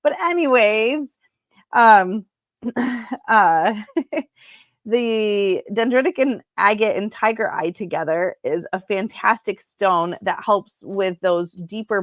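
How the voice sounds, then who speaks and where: Woman host for a home live-sale stream, easygoing chat, slow delivery, dry close sound. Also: medium pitch, no echo. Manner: chatty, unhurried, many ums. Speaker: crystal seller hosting a live sale.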